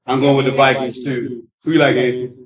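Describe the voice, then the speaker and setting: A man's voice: mid-range voice, flat delivery, brisk, recorded from a distance, muffled recording. A man hosting a casual sports chat in a restaurant bar, laid-back and teasing as he goes through picks. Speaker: host.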